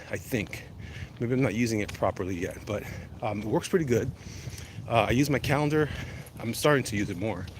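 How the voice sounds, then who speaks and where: A man's voice: lowish voice, noisy background. A man chatting casually while walking outdoors in the cold, rambling and reading out viewer comments as he goes. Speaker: vlogger answering live chat. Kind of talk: casual walk-and-talk livestream chat.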